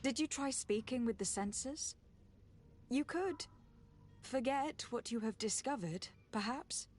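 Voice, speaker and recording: A composed envoy. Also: female voice, on the high side, expressive, a little slow. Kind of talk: video game dialogue.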